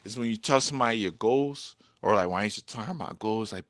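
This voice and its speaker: A young man talking candidly to camera in a personal vlog, frank and profane, getting animated when he vents. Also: on the low side, fast talker, no room sound. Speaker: vlogger.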